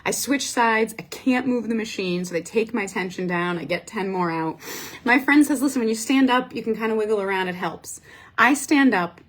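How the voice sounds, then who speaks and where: Woman host telling a dramatic story, a bit breathy, kinda high voice. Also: moderate pace. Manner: animated, self-mocking, dramatic retelling with frequent "like". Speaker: Pilates instructor and podcast host. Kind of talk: casual storytelling monologue.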